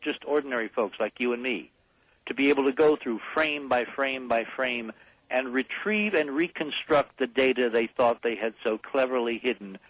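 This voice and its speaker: A man's voice: medium pitch, fairly bright tone, dry recording, poor audio. A man speaking as a guest on a late-night radio talk show, emphatic and insistent as he rallies the listeners. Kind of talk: impassioned radio call-in talk.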